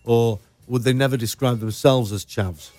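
A man's voice: medium pitch, moderate pace, dark tone, soft background music. A man hosting a radio show, chatting casually and joking with his guest, laughing often. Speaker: radio host. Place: radio studio.

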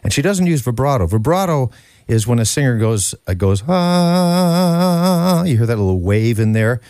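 Folksy, low-voiced radio DJ man. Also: fairly quick, darkish tone, dry recording, clean studio sound. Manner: rambling, folksy, hums notes to demonstrate. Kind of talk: casual on-air music explainer.

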